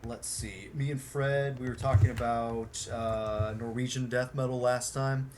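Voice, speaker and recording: A man's voice: mid-range voice, steady tone, measured pace, a little mellow, slight background noise. Rambling, profane male podcast host. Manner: rambling, profane, heavy on fillers. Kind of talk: casual podcast chat.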